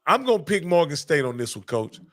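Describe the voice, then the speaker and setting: A man hosting a casual sports picks chat, folksy and relaxed, calling his partner "Coach" again and again. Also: a little high, fairly quick. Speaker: host.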